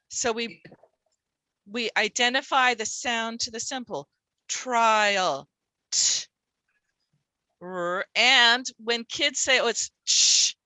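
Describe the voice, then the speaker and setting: A woman leads a workshop for reading teachers, stretching out sounds and syllables as she demonstrates. Her voice is bright and a little high. The recording is dry and close, with no room echo. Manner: demonstrative, sounds out words slowly. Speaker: literacy teacher trainer. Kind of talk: workshop presentation.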